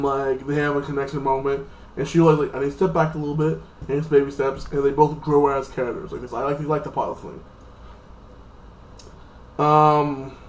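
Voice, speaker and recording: A man talks through a TV episode in a loose, rambling way, full of fillers and false starts. His voice sits a little higher than most men's. The room around him rings with a noticeable echo. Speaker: TV episode reviewer. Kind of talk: casual spoken review. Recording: echoey room.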